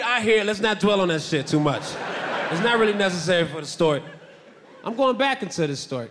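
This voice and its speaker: A boisterous male stand-up comedian spins self-mocking stories in a high, lively voice. His delivery is animated and loud on stage. A long hall reverb trails him over faint room noise. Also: fast talker. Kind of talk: stand-up storytelling.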